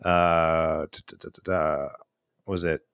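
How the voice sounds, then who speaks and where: A man's voice: very deep voice, level tone, unhurried, gravelly, fairly bright tone, clear, resonant tone, no echo, studio quality. A man with a Chicago accent, co-hosting a podcast in casual chat, rambling and searching for words. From Illinois–Wisconsin border, US. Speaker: podcast co-host.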